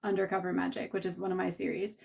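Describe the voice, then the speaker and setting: A woman's voice: lowish voice, completely flat delivery, quick pace, vocal fry, a little mellow. A woman author chatting in an amused, chatty way on a live stream, sounding distant from the mic. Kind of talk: casual live-stream chat.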